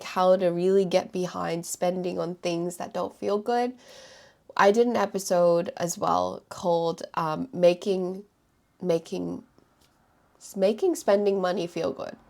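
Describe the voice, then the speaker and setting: Chatty woman hosting her own podcast, slightly low with some vocal fry. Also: warm tone. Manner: chatty, reflective, frequent "like" fillers. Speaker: podcast host. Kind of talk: solo podcast monologue.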